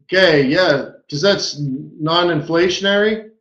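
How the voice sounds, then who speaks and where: A man hosting a live trading webinar, his voice set a little high and his delivery slow and unhurried. He bursts into playful exclamations as he walks through the charts. The sound is roomy and a bit dull, like webinar audio. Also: fairly bright tone. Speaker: forex webinar host.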